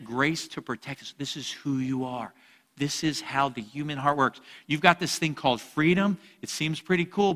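A man preaching a sermon, a lively storyteller with jokes who swings between loud and soft. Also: mid-range voice, big-room sound. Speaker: pastor.

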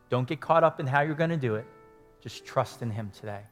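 A man preaching an earnest sermon as pastor, building to emphatic points and dropping to hushed prayer, at times choked up. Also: medium pitch, fairly quick, faint music behind. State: choked up with emotion.

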